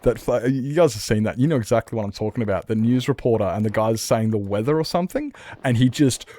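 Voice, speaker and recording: A man's voice: mid-range voice, fast, mellow. An Australian man chatting casually and joking with his chat while streaming a building game. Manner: joking, self-mocking banter with chat.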